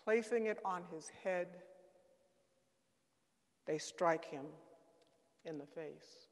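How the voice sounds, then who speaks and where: A man giving a solemn, dramatic reading at a church service. He speaks gravely and deliberately and leans on key words. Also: high-pitched. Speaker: reader at a Good Friday service. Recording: long church reverb.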